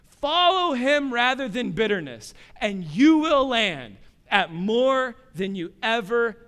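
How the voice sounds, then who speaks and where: A male pastor preaching with passion, asking the room rhetorical questions and swinging between hushed low asides and loud emphatic rises. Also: big pitch swings, slow, clean tone. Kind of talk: sermon.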